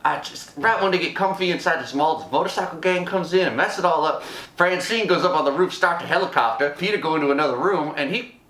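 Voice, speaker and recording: A man doing a brash, self-crowned barbecue king who reviews movies in loose slang, dropping verb endings and squealing as he acts out scenes. His voice is bright and pushed, a bit high for a man, and it rings around an echoey room. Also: quick pace, close to an everyday voice. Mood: hyped. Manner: slangy, animated, drops verb endings, breaks into excited squeals acting out scenes. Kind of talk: comic in-character movie review.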